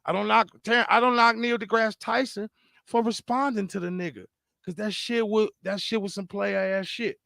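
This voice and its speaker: A young man co-hosting a podcast, talking in a casual, profane way and swinging between loud bursts and low mutters. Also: steady tone, moderate pace, vocal fry, no room sound, clean studio sound. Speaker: podcast co-host.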